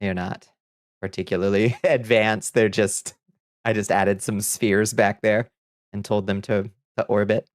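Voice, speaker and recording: A man's voice: on the low side, little pitch movement, measured pace, no echo, studio quality. A man chatting casually on a livestream, greeting his chat by name and chuckling often. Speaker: streamer.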